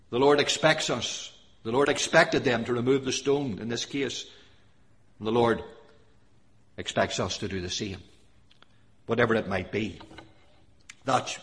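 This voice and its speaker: A man preaching a sermon with earnest emphasis, reading scripture aloud and swinging between loud stressed phrases and soft quiet ones. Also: medium pitch. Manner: reads scripture in King James wording.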